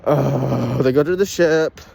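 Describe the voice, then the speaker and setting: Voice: mid-range voice, slow, creaky, mellow, slightly rough. A young vlogger reviewing a film in a dramatic, exclamatory way, swinging from groans to shrieks and talking straight to viewers. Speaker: movie reviewer. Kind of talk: casual vlog review.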